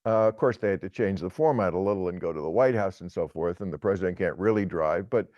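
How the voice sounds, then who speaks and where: A man in his sixties giving opinionated political talk, halting and repeating words, then pressing his point emphatically. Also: low voice, darkish tone, no echo, lo-fi sound. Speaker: guest commentator.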